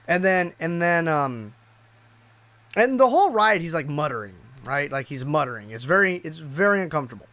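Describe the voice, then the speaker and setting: A man's voice: a little high, sing-song, normal speed, fairly bright tone, dry recording. A man casually telling a personal story, rambling and profane, with lots of restarts. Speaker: YouTube streamer.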